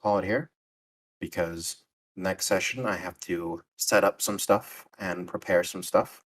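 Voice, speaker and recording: A man who runs a tabletop game, chatting in a relaxed, teasing way at the end of a session. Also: sits low, a little slow. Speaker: game master. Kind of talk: casual chat after a tabletop game session. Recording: distant mic with music behind.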